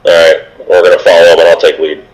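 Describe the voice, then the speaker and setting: A man's voice: sits low, flat delivery, fairly quick, poor audio. A man playing a tabletop game, talking plainly and decisively. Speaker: player. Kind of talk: casual game talk.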